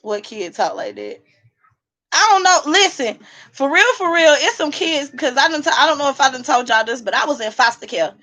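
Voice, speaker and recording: Lady streamer at home, high bright voice, sassy and loud-mouthed talking back to chat. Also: very animated, normal speed. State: drinking while streaming. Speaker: livestream host. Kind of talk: casual livestream chat.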